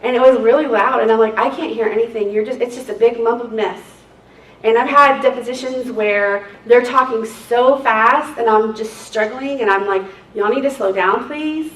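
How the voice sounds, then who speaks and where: Animated woman telling stories in an echoey room. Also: on the high side, normal speed. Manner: lively storyteller acting out the people she quotes. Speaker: court reporter. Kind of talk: anecdotal seminar talk to a group. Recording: echoey room, distant mic.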